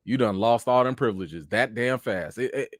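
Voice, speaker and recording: A man hosting a casual live stream, giving quick shout-outs to viewers and rising into high, exasperated rants. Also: no echo, clean studio sound. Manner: rises into high, exasperated ranting.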